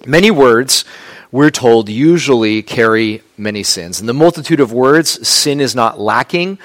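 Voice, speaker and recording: A man's voice: medium pitch, expressive, a little slow, no room sound. A man preaching a sermon in a conversational, plainspoken way, with casual asides. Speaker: pastor.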